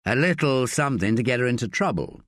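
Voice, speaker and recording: A man's voice: mid-range voice, animated, fast, fairly bright tone, no echo, clean studio sound, natural voice. A man voicing a cynical young male drug dealer who speaks curtly and with a sneer. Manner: curt, sneering.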